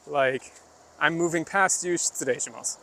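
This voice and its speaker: While strolling a rural path close to the woods, a vlogger talks casually to his livestream, answering chat and demonstrating Japanese phrases in a loose, conversational way. His slightly high voice is bright and forceful at a moderate pace, with vocal fry. Crickets and insects chirp, and there's a little hiss or hum.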